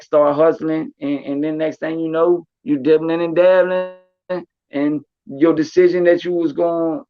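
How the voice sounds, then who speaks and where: High-voiced streetwise man, lo-fi. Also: no echo. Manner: streetwise, repeats words, many fillers. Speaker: podcast host. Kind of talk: casual storytelling chat. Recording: dull lo-fi recording.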